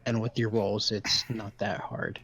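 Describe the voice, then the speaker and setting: A man narrating as dungeon master of a tabletop game, describing scenes in a relaxed, halting way. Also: fairly low pitch, vocal fry, slightly rough.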